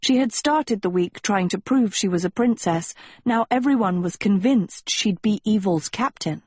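A woman narrating an audiobook in a measured storytelling manner. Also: mid-range voice, darkish tone, husky, no echo.

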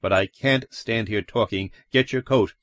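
A man's voice: lowish voice, normal speed, fairly bright tone, no room sound, clean studio sound, natural voice. A man voicing a tense, urgent middle-aged husband and father in an audiobook, talking in an insistent, commanding way. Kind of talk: audiobook character voice.

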